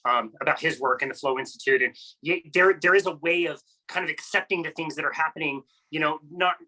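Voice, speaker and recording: A man's voice: on the high side, brisk, pushed and bright, low-quality recording. A male podcast host responding with enthusiasm and recommending resources, with some restarts. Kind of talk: interview chat.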